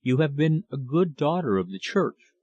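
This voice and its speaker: A man voicing a gentle village priest who speaks in a calm, consoling way. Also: on the high side, normal speed, lo-fi sound.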